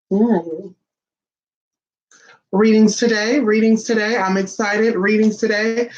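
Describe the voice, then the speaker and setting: A woman speaks straight to her viewers in a casual vlog monologue. Her delivery is sassy and profane, full of drawn-out teasing asides. Her voice sits in a middle pitch. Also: fairly even intonation, a little mellow, poor audio. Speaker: spiritual vlogger.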